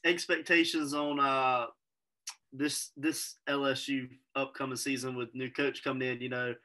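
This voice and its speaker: A young man co-hosting a casual interview, speaking haltingly with fillers. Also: mid-range voice, little pitch movement, bright, forceful tone. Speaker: podcast co-host.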